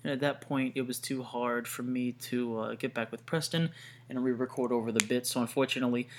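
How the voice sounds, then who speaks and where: A man's voice: mid-range voice, steady tone, fairly quick, a little hiss or hum. A young man hosting a casual movie podcast, talking in a rambling way with lots of fillers and restarts. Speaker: podcast host.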